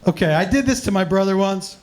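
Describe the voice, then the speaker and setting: High-voiced comedian telling a story. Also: male voice, fast. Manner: animated, laughs often, profane. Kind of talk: storytelling in a live Q&A.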